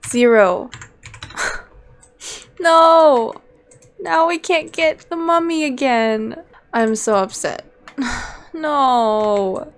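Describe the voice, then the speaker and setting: A young woman with a high voice talks through her gameplay in a slow, unhurried way. She comments casually and reacts easily, gasping and laughing at what the game throws at her. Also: lively intonation. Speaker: let's play gamer.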